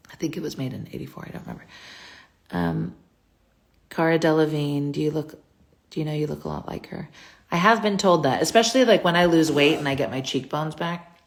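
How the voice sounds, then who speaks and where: Low, gravelly-voiced woman hosting a livestream. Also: brisk. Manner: chatty and scattered, reads comments aloud then answers. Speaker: livestream host answering viewer comments. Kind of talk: casual livestream Q&A.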